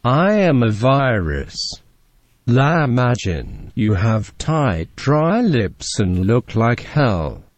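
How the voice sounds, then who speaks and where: A text-to-speech male robot voice slowly reading out crude insults in a flat, stilted monotone. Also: mid-range voice, no room sound. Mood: rude.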